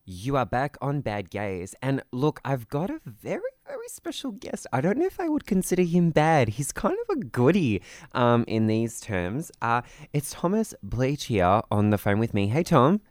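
A man's voice: mid-range voice, huge pitch swings, moderate pace, few pauses, a little mellow, no room sound, clean studio sound. A man hosting a casual radio podcast interview, bubbly and enthusiastic. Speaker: podcast host.

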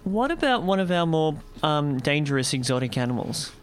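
A woman's voice: low-pitched, big pitch swings, a little fast, slight background noise. A woman co-hosting a radio show, adding dry, teasing asides. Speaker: radio co-host. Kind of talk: casual radio chat.

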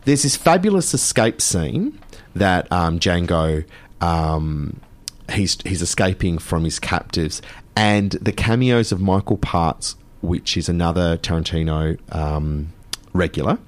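Gushing man with a lively voice. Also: deep voice, unhurried. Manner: chatty, gushing, enthusiastic. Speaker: radio co-host. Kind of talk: casual radio chat and film review. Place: radio studio.

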